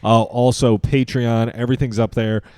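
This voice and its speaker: A man's voice: mid-range voice, flat delivery, normal speed, darkish tone, clear, resonant tone, no room sound, clean studio sound. A man co-hosting a podcast in casual chat, loose and joking, firing off rambling questions. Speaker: podcast co-host.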